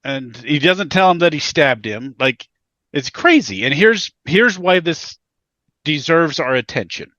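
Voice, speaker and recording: A man's voice: a little high, expressive, unhurried, a bit bright, no echo, muffled recording. A man co-hosting a podcast, talking casually with emphatic, indignant repetition of his points. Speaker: podcast co-host.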